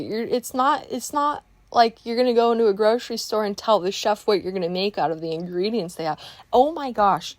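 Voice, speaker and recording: A young woman chatting casually while painting, telling a work storytime in an animated, exclamatory rant. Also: medium pitch, moderate pace, no echo. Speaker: art vlogger telling a story time.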